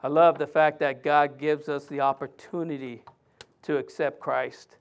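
A man's voice: fairly high pitch, steady tone, a little slow, smooth. A man, a pastor, preaching a sermon in church in a conversational way with frequent restarts.

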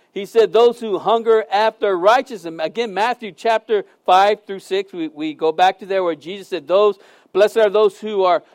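A middle-aged man preaching a sermon to a congregation, chatty and lively with jokes and asides. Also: sits high. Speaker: pastor. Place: church hall before a congregation.

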